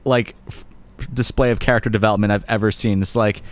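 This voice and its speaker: A man's voice: on the low side, fairly even intonation, fast talker. A young man co-hosting a casual podcast discussion, blunt and swearing freely as he argues his points. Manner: blunt, swears, quotes lyrics with emphasis. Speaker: podcast host.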